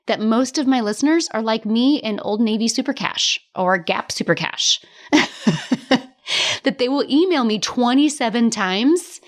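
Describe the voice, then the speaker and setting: A woman hosting her own coaching podcast, talking casually and directly, with a chatty, animated delivery and frequent laughs. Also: a little high. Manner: tough-love directness, casual swearing. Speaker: podcast host and business coach. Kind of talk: casual solo podcast talk.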